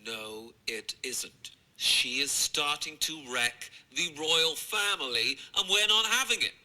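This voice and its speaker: A British man with a high, very bright, forceful voice rants in a sarcastic, sweary commentary. He mocks what he is reacting to, with heavy scorn. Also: expressive, slow, low-quality recording. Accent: British English. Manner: sarcastic, profane, mocking. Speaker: comedian. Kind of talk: ranting commentary over video clips.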